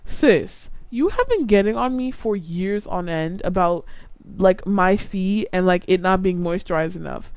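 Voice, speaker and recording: A woman's voice: on the low side, lively intonation, a little slow, darkish tone, smooth, no echo. A young adult woman hosting a podcast, ranting casually and with exasperation, full of "like" fillers. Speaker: podcast host.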